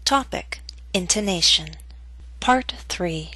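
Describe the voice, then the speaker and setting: A woman reads a scripted lesson introduction with a bright, clear tone. The recording is close and dry, with no room sound. She lays out each definition evenly. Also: fairly low pitch, animated, slow pace, no room sound, low-quality recording. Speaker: lesson narrator.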